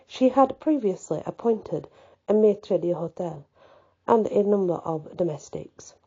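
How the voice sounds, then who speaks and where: A woman's voice: medium pitch, animated, a little slow, dark tone, slightly rough, dull audio. A woman reading a novel aloud expressively, stepping out for casual asides. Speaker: reader.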